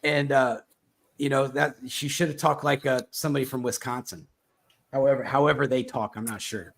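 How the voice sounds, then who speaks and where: A man hosting a casual political talk show, rambling in a halting way with lots of fillers and restarts. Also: mid-range voice, steady tone, creaky, fairly bright tone. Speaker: podcast host.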